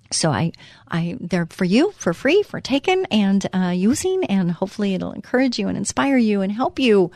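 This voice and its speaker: A woman's voice: mid-range voice, dark tone, no echo. Middle-aged woman hosting faith talk, heartfelt and rambling, dry close sound. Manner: earnest and heartfelt, with frequent fillers and restarts. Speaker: radio show host. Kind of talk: inspirational Christian talk.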